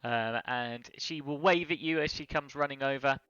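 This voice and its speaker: Brief: game master man, bright voice, stop-start narration, slightly muffled dry mic. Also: mid-range voice, smooth, no echo. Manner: halting, many fillers, relaxed.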